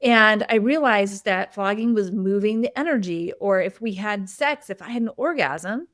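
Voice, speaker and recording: A woman's voice: mid-range voice, moderate pace, fairly bright tone, no echo, clean studio sound. A woman hosting a conversation, telling a candid personal story in a loose, open way with frequent "like" and "you know" fillers. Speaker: host.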